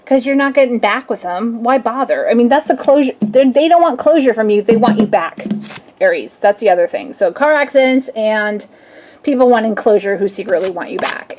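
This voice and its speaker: A woman's voice: on the high side, expressive, fairly quick, a little mellow, slight background noise. A young adult woman, a tarot reader, chatting casually and playfully through a weekend reading and acting out little scenes.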